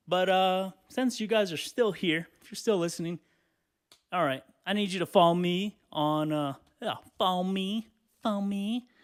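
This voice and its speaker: A man with a slightly high voice hosts a solo podcast while standing in a hot bedroom. He rambles loosely, swearing and filling gaps with "you know". He sounds a little out of breath and keeps clearing his throat. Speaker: podcast host. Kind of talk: solo casual rant.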